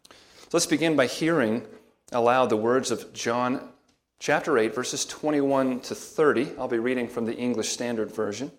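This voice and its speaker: A man preaching a sermon, reading scripture aloud, then explaining it in a measured, emphatic way with rhetorical questions. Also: medium pitch. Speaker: pastor.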